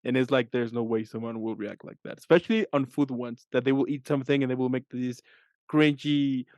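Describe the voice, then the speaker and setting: A man's voice: medium pitch, a little fast, a little mellow, no room sound, highs cut off. A man hosting a casual interview chat, talking in loose, rambling sentences and often agreeing with his guest. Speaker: host.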